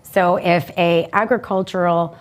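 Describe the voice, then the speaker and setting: A woman's voice: fairly low pitch, steady tone, unhurried. A woman hosting an interview, asking friendly, curious questions. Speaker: interviewer, host. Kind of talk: conversational interview.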